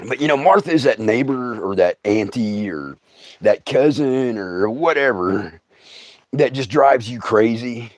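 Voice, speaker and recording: A middle-aged man, hosting a comic storytelling livestream, laughing through his tale and breaking into loud outbursts. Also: mid-range voice, lively intonation, measured pace, no room sound. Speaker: comedian host. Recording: dull, dry sound.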